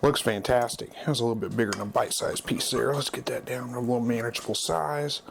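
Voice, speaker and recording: A man hosting his own cooking video, talking through a recipe in a relaxed, folksy, chatty way. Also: mid-range voice, fast talker, creaky, background noise. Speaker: cooking channel host. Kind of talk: casual cooking demonstration.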